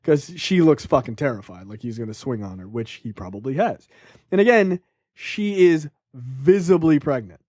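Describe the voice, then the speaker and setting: A man co-hosting a casual movie review podcast, talking in an animated, profane way and acting out characters' lines. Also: mid-range voice, normal speed, dry recording, clean studio sound. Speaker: podcast co-host.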